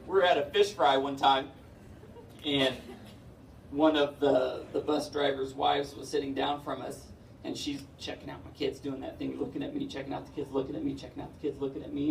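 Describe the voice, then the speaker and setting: A man's voice: medium pitch, flat delivery, a little fast, vocal fry, a faint crowd, a little hiss or hum. A middle-aged man performing stand-up comedy, chatty and self-deprecating, chuckling through his stories. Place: indoor event hall. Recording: echoey hall from far off.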